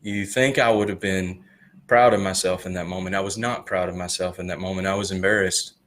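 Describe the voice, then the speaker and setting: A man in his thirties, a former student pastor, telling his personal story earnestly, with loud animated peaks and soft slow confessional stretches. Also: deep voice. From Alabama. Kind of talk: personal testimony talk.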